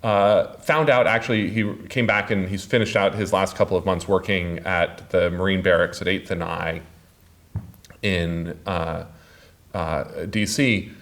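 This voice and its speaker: Slow, halting man giving a lecture. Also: deep voice, fairly even intonation, a bit bright. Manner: slow, halting, many uh fillers. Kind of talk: public lecture.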